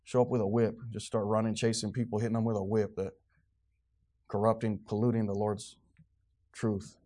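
A man's voice: lowish voice, little pitch movement, normal speed, mellow. A man preaching a sermon in a church, fervent and sarcastic and quizzing his congregation. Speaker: pastor.

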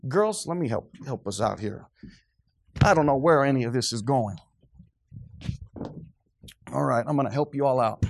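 A man's voice: medium pitch, animated, normal speed, creaky, long pauses, a little hiss or hum. A middle-aged man preaching a sermon to a congregation, fervent and preachy, sometimes losing his train of thought.

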